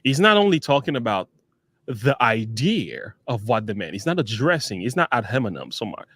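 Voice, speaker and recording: Reaction-show host, male, animated pitch, dry close sound, laughs a lot. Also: moderate pace, no room sound. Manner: chuckles often, loose and conversational. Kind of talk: casual reaction commentary.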